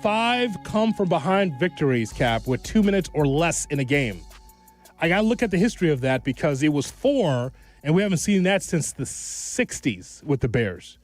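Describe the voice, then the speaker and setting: Upbeat sing-song radio co-host. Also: male voice, fairly high pitch, very animated, moderate pace, soft background music. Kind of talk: radio show opening and banter. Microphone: studio microphone.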